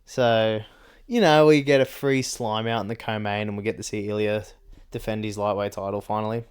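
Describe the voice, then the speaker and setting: A man with a low, smooth and clear voice talks in a loose, rambling chat. He swears freely and often breaks into short laughs between his points. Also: steady tone, moderate pace. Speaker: MMA commentary vlogger. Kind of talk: casual chat.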